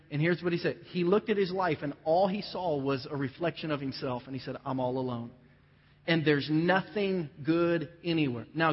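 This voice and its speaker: Man preaching a sermon, husky voice, long hall reverb, dull lo-fi sound. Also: fairly high pitch. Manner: reads scripture aloud, then explains it to the congregation; acts out the voices of the quoted figures.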